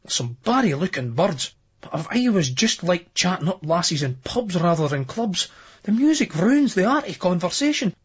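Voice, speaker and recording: A Scottish man reading a novel aloud in first person, brisk and earthy, with plenty of swearing. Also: high-pitched, very animated, breathy edge. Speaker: audiobook narrator. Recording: dull lo-fi remastered audiobook.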